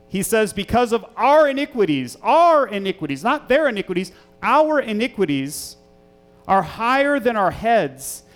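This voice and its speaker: A man with a notably high voice preaches to his congregation, reading scripture and then pressing his points with repetition and rhetorical questions. His delivery is earnest and emphatic. Soft music sits faintly underneath. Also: clean tone. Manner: earnest, emphatic, repeats key phrases, asks rhetorical questions. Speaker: pastor. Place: church sanctuary.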